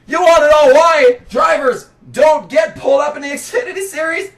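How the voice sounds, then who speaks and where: High-voiced man ranting in a roomy space. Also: moderate pace, far from the mic. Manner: sarcastic, exasperated, bursts into shouting. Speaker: racing commentary vlogger. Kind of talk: ranting commentary. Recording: roomy, set back from the mic.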